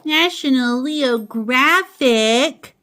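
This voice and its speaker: Lady doing a cat mom scolding her kid, high sing-songy, drags her words. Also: sing-song, very slow, fairly bright tone, a little hiss or hum, full character voice. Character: fussing cat mother scolding her son.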